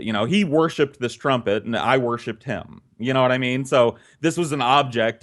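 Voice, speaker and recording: A man spins a childhood tale in loose, chatty fashion, cursing freely as he goes. His voice sits at a middle pitch for a man, and he animates the story with shifting energy. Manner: profane, conversational, animated. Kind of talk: casual storytelling.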